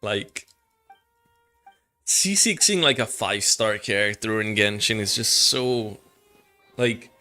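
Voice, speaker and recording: A man's voice: on the low side, slow pace, long pauses, pushed and bright, soft background music. A young man streaming a game, chatting casually in a rambling, joking way and swearing freely. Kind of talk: casual livestream chat.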